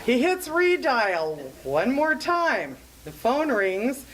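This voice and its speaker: A woman telling a comic story at a club evening, with a slow, amused delivery. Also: high voice, sing-song, background noise. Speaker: joke teller at a club event.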